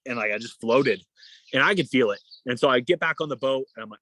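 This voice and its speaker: Expressive and forceful, with a bright voice and a fairly quick pace, an endurance athlete guest recounts a long story in a casual interview, though the audio is poor. He rambles with lots of fillers and acts out what people said in a higher voice.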